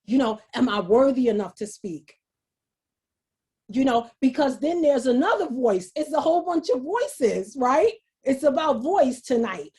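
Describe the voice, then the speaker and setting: Woman, high voice, slow and halting, earnest motivational talk, video call audio. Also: a little mellow. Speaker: speaker.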